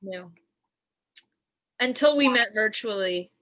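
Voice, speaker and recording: A woman's voice: mid-range voice, slow pace, pushed and bright. A woman from the New York area co-hosting a comedy podcast, rambling casually with constant "like"s and swearing over a remote call. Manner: rambling, lots of filler "like", swearing. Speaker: podcast co-host. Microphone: remote call setup.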